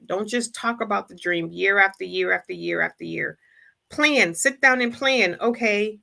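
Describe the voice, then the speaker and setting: A woman's voice: mid-range voice, gravelly, sharp tone. A woman hosting a motivational live-stream talk in an emphatic, casual, direct way, acting out quoted voices. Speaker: host.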